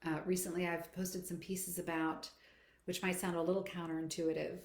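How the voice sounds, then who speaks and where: A woman singing coach talks through viewer questions on a live stream. Her voice sits a little low, and she speaks reflectively, with fillers and restarts. The room around her is echoey. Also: level tone, normal speed, darkish tone. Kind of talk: live Q&A, conversational teaching.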